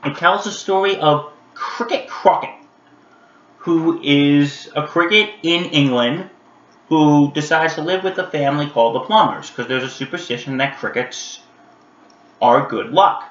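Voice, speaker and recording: A man with a slightly high voice reviews an old animated holiday special in a casual vlog, speaking a little slowly. He's chatty and animated, full of fillers, and addresses viewers directly. The recording sounds roomy, dull and lo-fi.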